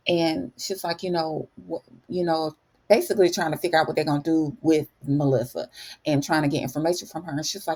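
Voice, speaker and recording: A woman giving a casual, slangy TV episode recap. She calls the listener honey and acts out the characters' lines in lively, shifting tones. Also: on the low side, quick pace, husky. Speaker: TV recap host.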